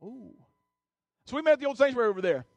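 A male pastor preaches a sermon in an extremely high, lively voice with vocal fry and a darkish tone, talking fast on a recording with no echo. He tells a personal story, then urges the congregation with rising intensity.

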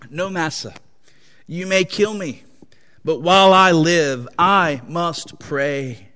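A preacher putting on a humble enslaved man who speaks softly and steadily in his faith. His slow, low answers fade into the long echo of a large hall. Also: a little hiss or hum. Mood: meek.

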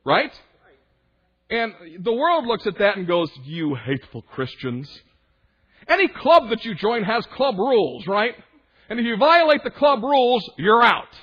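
A young man preaches in a chatty, conversational sermon, slipping into quoted voices and side remarks. His voice sits high and a bit husky. The recording is dull and lo-fi. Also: expressive, moderate pace. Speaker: young adult minister.

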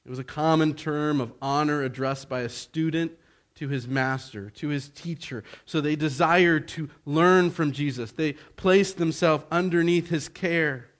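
Emphatic preacher man, slightly high voice. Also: measured pace. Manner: emphatic, swinging from loud exhortation to hushed softness; asks rhetorical questions. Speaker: pastor. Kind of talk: sermon.

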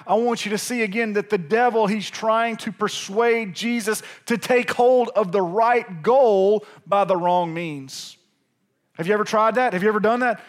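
A man preaching a sermon, energetic and speaking straight to his congregation. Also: high-pitched, moderate pace. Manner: energetic, talks to the congregation directly. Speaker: pastor.

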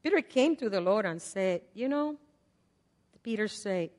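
Older woman preacher, mid-pitched voice, chatty sermon, loud-then-soft delivery, long church reverb. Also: lively intonation, unhurried. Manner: swings from loud repeated prayers to soft asides; conversational, with fillers and laughs.

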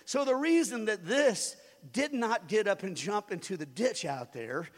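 A man's voice: high voice, animated, unhurried. A male pastor preaching a conversational sermon with joking asides in a church. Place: church sanctuary. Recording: long reverb of a large hall.

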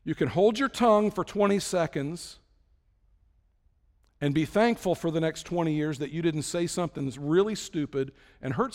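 A man's voice: fairly high pitch, darkish tone, in a large hall. A man preaching a sermon in a conversational way, acting out prayers and imagined talks with God. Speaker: pastor.

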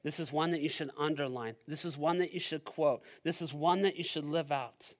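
In this church service, a male pastor's sermon alternates between loud, driving sections and hushed ones as he talks straight to the congregation. His voice sits a little high, and his delivery is fairly quick.

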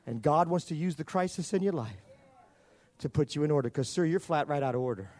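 High-pitched shouting man preaching. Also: a little fast. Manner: emphatic, repetitive, builds to shouting. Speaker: pastor. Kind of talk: sermon.

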